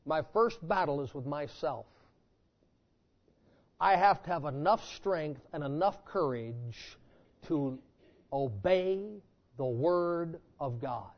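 A man preaching a sermon in a church, with fervent emphasis that swings between loud declarations and low, intense passages. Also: takes it slowly, pauses often. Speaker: pastor. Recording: dull lo-fi sermon recording.

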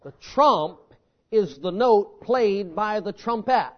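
A man preaching a sermon in a folksy, animated storytelling manner. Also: sits high, slow. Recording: dull lo-fi sermon recording.

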